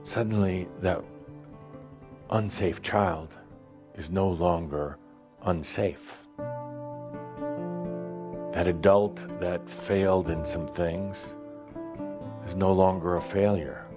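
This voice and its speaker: A man as a spiritual teacher giving a guided meditation talk in a slow, measured, reassuring cadence. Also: deep voice, fairly even intonation, over music.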